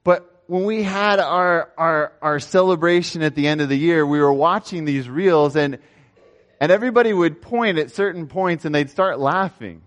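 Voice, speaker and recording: A young man delivers a sermon with a slightly higher voice. He tells stories animatedly, rising for emphasis and falling to quiet asides. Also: normal speed. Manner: animated storytelling, swings between raised emphasis and quiet asides. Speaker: pastor.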